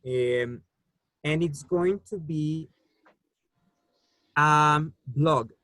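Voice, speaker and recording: A man who speaks natively leads an English lesson with a patient, unhurried manner, pausing on fillers as he walks his students through the answers. His voice sits a little high for a man. The recording is close and dry, with no room echo. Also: pushed and bright. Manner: patient, explains slowly with many fillers. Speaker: English teacher. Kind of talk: online class teaching.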